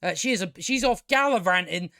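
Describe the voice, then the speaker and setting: A man's voice: high-pitched, expressive, a little fast, sharp tone, no room sound, clean studio sound. A man giving a casual spoken TV review, ranting with exasperation, stumbling over restarts and swearing.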